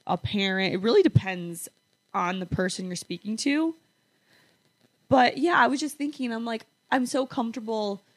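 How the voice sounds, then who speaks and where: A woman's voice: medium pitch, fairly bright tone. A young woman co-hosting a podcast, talking earnestly and reflectively, often correcting herself mid-sentence. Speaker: podcast co-host. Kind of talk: casual chat. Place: apartment.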